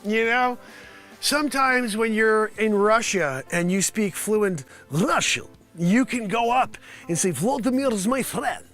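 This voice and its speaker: High bright-voiced man doing a mock news report. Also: unhurried, soft background music. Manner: rambling, deadpan mock-serious delivery with fillers. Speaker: comedy vlogger playing a news reporter.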